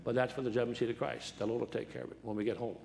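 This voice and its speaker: A man's voice: medium pitch, level tone, racing, gravelly, darkish tone, a little hiss or hum. An older man preaching as a guest, telling folksy, rambling stories and laughing at them. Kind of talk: sermon with storytelling.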